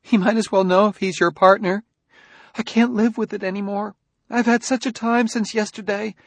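A man reading a story, voicing a frightened wife who pleads through tears in a high, strained voice. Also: steady tone, normal speed, no echo, close to an everyday voice. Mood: distraught pleading. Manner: tearful, pleading. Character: sobbing frightened wife, desperate.

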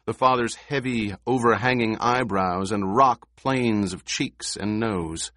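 Male audiobook narrator, slow and even, low voice, dry studio sound. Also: no echo. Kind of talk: scripted narration.

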